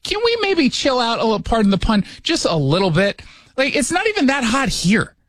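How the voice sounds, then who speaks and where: A man's voice: very high voice, huge pitch swings, brisk, a bit bright, no room sound. A man hosting a radio show from his studio, chatting casually with sarcastic jokes. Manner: sarcastic, joking asides. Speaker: radio host. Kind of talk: casual opinion chat.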